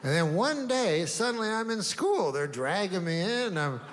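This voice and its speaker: Deadpan stand-up comedian, lively pitch. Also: male voice, normal speed. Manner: deadpan, rambling asides, long meandering setups. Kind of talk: stand-up routine. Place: comedy stage before a live audience. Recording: live room reverb, faint ambience.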